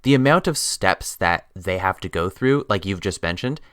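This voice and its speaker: A man's voice: low-pitched, expressive, normal speed, a bit bright, no room sound. A man co-hosting a podcast, picking apart a TV episode in casual chat with a dry, critical manner. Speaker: podcast co-host.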